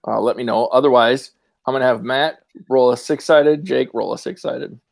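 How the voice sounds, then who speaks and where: A man running a tabletop game as game master, narrating in a relaxed, rambling way. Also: mid-range voice, normal speed, gravelly, no echo.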